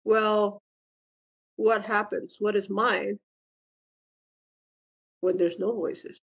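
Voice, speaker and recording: A woman's voice: mid-range voice, little pitch movement, extremely slow, vocal fry, breathy edge, lo-fi sound. A woman giving a dharma talk, playful, laughing often and asking questions of her listeners. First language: Vietnamese. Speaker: meditation teacher and therapist.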